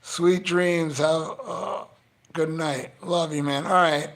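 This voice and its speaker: A man's voice: on the high side, fairly even intonation, takes it slowly. A man on a live stream, heartfelt and profane, choked up and near tears as he thanks his viewers. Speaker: livestreamer thanking his chat. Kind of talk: casual live-stream chat.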